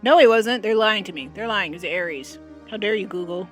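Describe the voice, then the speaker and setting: A woman's voice: mid-range voice, a little fast, a bit bright, soft background music. A young woman vlogger giving casual reaction commentary, chatty and exclamatory.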